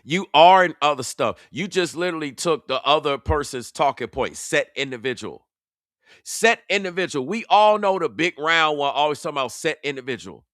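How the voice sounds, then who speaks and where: A man's voice: on the high side, lively intonation, brisk, hardly any pauses, fairly bright tone, no echo, clean studio sound. Confrontational man calling out rivals. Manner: confrontational, preachy, mocking. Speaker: online commentator. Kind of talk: heated reaction commentary.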